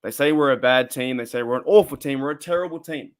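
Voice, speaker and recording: A man's voice: mid-range voice, fast talker. A young Australian man hosting a casual live stream, rambling and repeating himself as he reads the chat.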